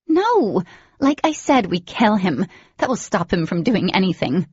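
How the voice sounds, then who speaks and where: Brief: woman doing an enraged teen girl, shrill and shouting, husky edge, dull lo-fi sound. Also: very animated, normal speed, dry recording. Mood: furious. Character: furious teenage girl, fierce and vengeful. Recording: dull lo-fi recording.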